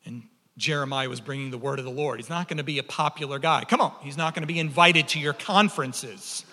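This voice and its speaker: A man preaching a sermon, impassioned and animated, often repeating words as he builds up. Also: mid-range voice, fast talker, long reverb tail.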